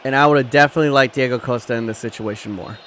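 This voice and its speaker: A man hosting a live watchalong stream, commentating excitedly and profanely, shouting at big moments and chatting with his viewers. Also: mid-range voice, racing, slight background noise. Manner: talks to his chat and thanks viewers.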